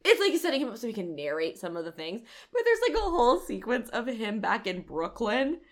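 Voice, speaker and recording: A young woman talks through a movie in loose, casual chat. Her voice sits a bit high, and she fills her retellings with "like" as she goes. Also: brisk. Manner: chatty, frequent "like" fillers, animated retelling. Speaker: podcast co-host.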